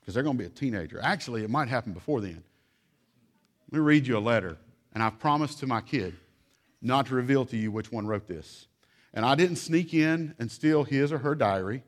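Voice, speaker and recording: A man's voice: mid-range voice, animated, a little fast. A young man, a pastor and father, preaching a sermon in an earnest, urgent tone. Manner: earnest, urgent pleading to the congregation.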